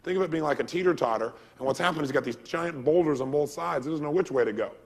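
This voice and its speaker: Motivational speaker, male, gravelly and slightly high voice, energetic call-and-response delivery, long hall reverb. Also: fast talker. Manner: energetic, quizzes the audience with call-and-response questions. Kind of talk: seminar lecture to a live audience.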